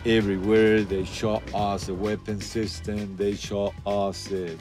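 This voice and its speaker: A man's voice: fairly low pitch, unhurried, music in the background. Profane Cuban-accented man telling a story. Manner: profane, animated storyteller acting out quotes. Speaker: interviewee telling his story. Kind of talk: documentary interview storytelling.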